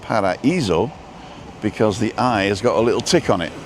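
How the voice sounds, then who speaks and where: A man's voice: on the low side, fast talker, slight background noise. A man chatting casually while driving and filming, reading out viewer comments with a dry, joking manner. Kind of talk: casual live-stream chat while driving. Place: inside a car.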